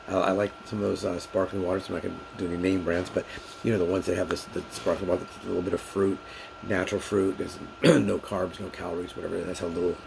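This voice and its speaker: Male vlogger, deep rough voice, unscripted and rambling, with lots of restarts. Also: noisy background. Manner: rambling, repetitive, many restarts and fillers. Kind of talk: casual unscripted vlog monologue.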